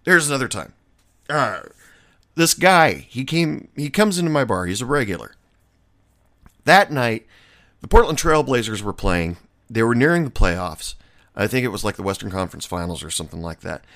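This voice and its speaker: A man's voice: mid-range voice, sing-song, normal speed, fairly bright tone, dry recording, studio quality. A middle-aged man, a bartender, telling a story in a casual, sarcastic and blunt way.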